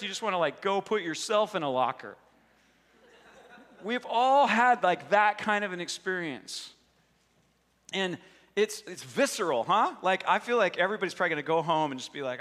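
A young adult man preaching a casual, animated sermon, talking conversationally and acting out little voices. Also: high voice, normal speed. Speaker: pastor. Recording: long reverb of a large hall.

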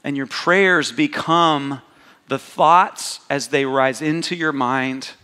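Pastor preaching slowly in a reverberant hall. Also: male voice, fairly high pitch, sharp tone, clear, resonant tone. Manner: slow, intimate, repeats words for emphasis. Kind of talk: sermon.

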